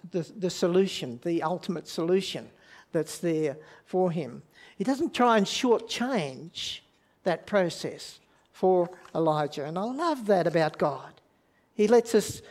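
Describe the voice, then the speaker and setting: Slow, halting male preacher. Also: sits high, a little mellow. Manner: halting, with many restarts and fillers; reflective, asks the audience questions. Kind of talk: sermon.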